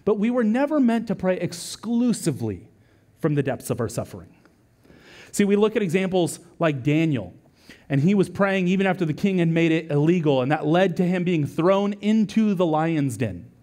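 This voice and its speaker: A man's voice: high voice, moderate pace. A male lead pastor preaching a sermon in a conversational, storytelling way, often asking "right?" and acting out quotes. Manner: animated storytelling with acted-out quotes; conversational, frequent "right?" asides.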